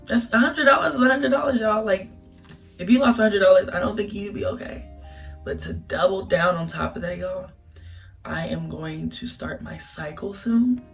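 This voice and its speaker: A young woman telling a casual storytime vlog, animated and emotional, laughing through tears. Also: on the low side, moderate pace. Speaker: vlogger. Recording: distant mic with music behind.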